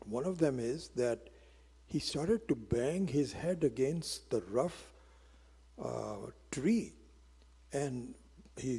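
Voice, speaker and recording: Very husky man teaching in a reverberant hall. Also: mid-range voice, warm tone. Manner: drops into whispered asides, acts out quotes. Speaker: spiritual teacher. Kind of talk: storytelling lecture.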